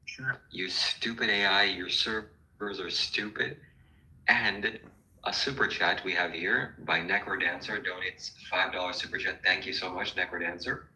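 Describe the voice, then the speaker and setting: A man hosts a livestream in a blunt, deadpan way and reads out viewer donations. His voice sits low but sounds bright and forceful. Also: unhurried, poor audio. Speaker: livestream host. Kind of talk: livestream chat.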